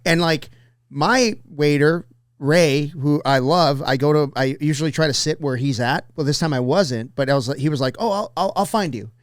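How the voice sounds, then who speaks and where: A man's voice: on the high side, fairly even intonation, normal speed, clear, resonant tone, no echo, clean studio sound. Rambling, profane storytelling man. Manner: rambling, profane anecdotes with acted quotes. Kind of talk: casual podcast storytelling.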